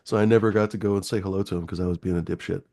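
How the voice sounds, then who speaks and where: A man's voice: low voice, steady tone, racing, vocal fry, darkish tone. A man hosting a live-stream show, talking in a rambling, easygoing way with a lot of swearing. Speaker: host. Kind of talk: casual live-stream chat.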